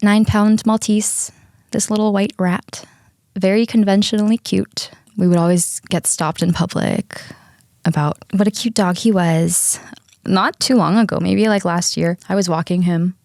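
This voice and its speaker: Young woman host, casual storytelling, frank and profane, quick laughs, dry close mic. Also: mid-range voice, fairly even intonation, darkish tone, no echo. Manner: candid, swears casually, laughs often. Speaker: podcast host.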